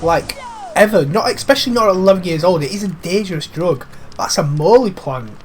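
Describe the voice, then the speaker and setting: A man's voice: high voice, expressive, brisk, darkish tone, soft background music. A man with a cold, giving cheeky, rambling let's-play commentary over a video game. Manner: cheeky, rambling, swears lightly. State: has a cold. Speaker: gaming commentator.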